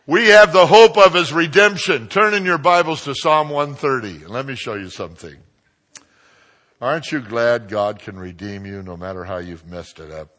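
A man preaching a sermon, joking with his congregation and swinging from quiet asides to loud exclamations. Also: on the low side, animated, normal speed.

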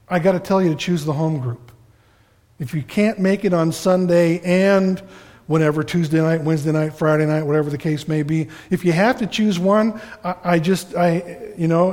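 A man preaches in a relaxed, rambling way, stopping to poke fun at himself. His voice sits somewhat high for a man. It rings out with the long reverb of a big church hall. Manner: casual, rambling, self-deprecating. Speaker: pastor. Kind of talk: conversational sermon.

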